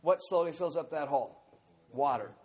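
A man speaking to a group in a casual, candid way about working recovery steps. His voice sits a bit higher than most men's, and his talk is loose and full of little asides. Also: animated, normal speed, slightly rough. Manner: candid, conversational, peppered with "you know".

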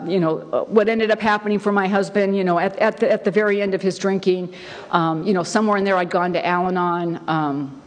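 A middle-aged woman telling her own story at a recovery meeting, candid and wry, with lots of fillers and emphatic repeats. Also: on the low side. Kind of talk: personal testimony talk. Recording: long hall reverb.

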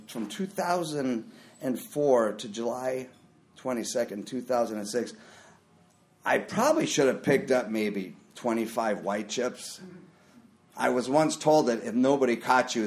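A middle-aged man sharing his own recovery story at a meeting, talking casually and jumping into loud acted-out quotes. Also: fairly low pitch. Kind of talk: personal story shared at a meeting.

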